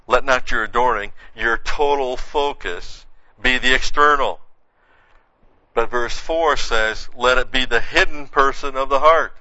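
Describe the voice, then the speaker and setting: A man's voice: medium pitch, sharp tone, no room sound. A man preaching a verse-by-verse sermon in a conversational way, often saying "see" and "you know.". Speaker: pastor. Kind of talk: sermon, verse-by-verse Bible teaching. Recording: dull, muffled lo-fi sound.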